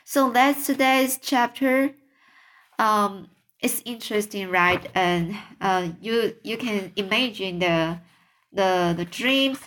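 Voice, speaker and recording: A woman reading a chapter book aloud at a slow, unhurried pace, her voice at an ordinary middle pitch. when she speaks freely, she halts often and leans on fillers. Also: fairly bright tone. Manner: halting, with many fillers when talking freely. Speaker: storyteller.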